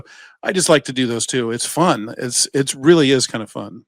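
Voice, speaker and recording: A man's voice: mid-range voice, moderate pace, dry recording. A man co-hosting a podcast, telling stories in a rambling, playful way and restarting his sentences often. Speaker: podcast co-host. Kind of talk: casual chat.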